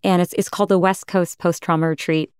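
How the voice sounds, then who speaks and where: A woman podcast host interviewing gently, affirming her guest and reflecting her feelings back to her. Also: on the low side, level tone, fairly quick, smooth, no echo, clean studio sound. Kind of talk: empathetic interview.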